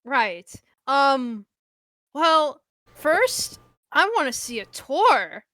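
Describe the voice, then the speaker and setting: A pale, anxious young hero, as a woman plays him in a tabletop game. He speaks politely and hesitantly in a bright, fairly high voice that swings up and down. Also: sing-song, drawn-out words, dry recording, full character voice. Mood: nervous.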